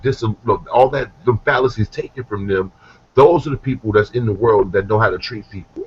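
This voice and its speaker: A man's voice: mid-range voice, breathy edge. A man in casual chat, telling loose, profane stories and acting out what people said. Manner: loose, profane, storytelling with acted-out quotes. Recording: dull lo-fi recording.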